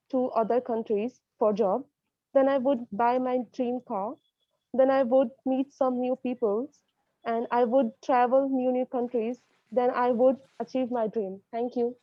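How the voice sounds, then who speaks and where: A female student reading out a short prepared talk in class at a steady pace. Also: fairly high pitch, no echo. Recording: dull dry call audio.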